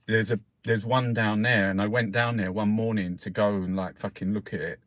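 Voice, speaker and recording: Irish man, low-ish voice, loose, sweary host of a chatty paper review; faint hiss behind. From Ireland. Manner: rambling, swears freely. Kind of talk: casual newspaper review chat.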